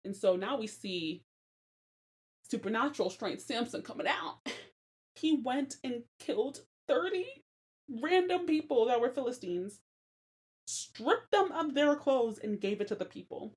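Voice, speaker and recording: Animated, slangy young woman host. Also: fairly high pitch, measured pace. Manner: animated, slangy, laughs often. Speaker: podcast host. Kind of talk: casual Bible-story commentary.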